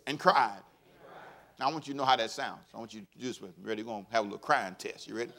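A man preaches as pastor in a fairly low, creaky voice, racing along. He's animated and folksy, leading call-and-response and laughing at his own stories.

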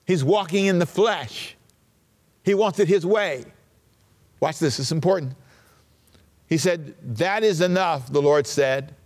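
A man preaching a sermon, slowing to read scripture and rising sharply in pitch for emphasis. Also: darkish tone, big-room sound. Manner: preaching with dramatic pauses and sudden rises in pitch; slows down to read scripture aloud. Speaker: pastor.

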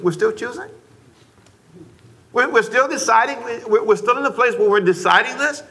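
A man preaching with a high, bright voice. He drives his points home with repeated phrases and keeps calling on his congregation to say the lines back with him. His delivery is emphatic and pulpit-ready. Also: normal speed, long pauses. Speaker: pastor. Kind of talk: sermon. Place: church before a congregation.

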